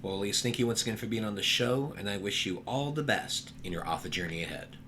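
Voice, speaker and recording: A man's voice: fairly low pitch, fast, pushed and bright, slight background noise. A man hosting an interview podcast, asking brief scripted questions and giving wrap-ups. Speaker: podcast host.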